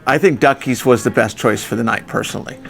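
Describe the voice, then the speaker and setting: A man's voice: mid-range voice, fast talker, gravelly. A man vlogging aboard a cruise ship, chatty and upbeat, talking straight to viewers as folks. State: out of breath. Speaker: travel vlogger. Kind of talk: casual vlog chat.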